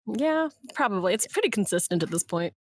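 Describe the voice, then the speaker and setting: Woman player in a tabletop rpg, playful and cool, dead dry sound, average pitch. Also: sing-song, fairly quick, no room sound. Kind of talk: tabletop role-play.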